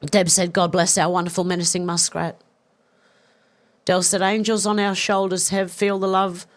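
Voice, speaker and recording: A woman's voice: lowish voice, level tone, moderate pace. A woman hosting a casual live stream, chatty and self-deprecating, reading viewer comments aloud and answering them with frequent laughter. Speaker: livestream news host reading viewer comments.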